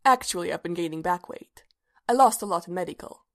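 A woman voicing a calm, quiet male soldier in a storybook reading, focused and low-key. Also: a little fast, close to an everyday voice.

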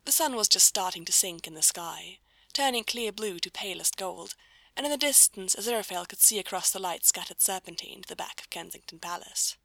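Gravelly-voiced woman reading a story. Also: medium pitch, expressive, a little fast, bright, forceful tone, dry recording. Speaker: narrator.

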